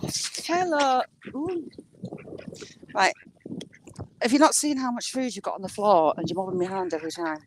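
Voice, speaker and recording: Chatty woman on a phone walk vlog, highish voice, sings out to the ducks. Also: gravelly, darkish tone, slight background noise. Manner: chatty, coos at ducks in a high sing-song voice. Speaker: vlogger. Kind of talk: casual walking vlog. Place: outdoors by water. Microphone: handheld phone.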